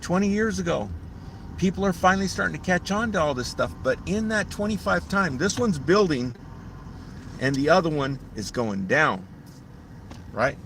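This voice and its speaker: A man's voice: fairly high pitch, animated, normal speed, fairly bright tone, slight background noise. A middle-aged man talking on a casual livestream, rambling, repeating himself and losing his thread.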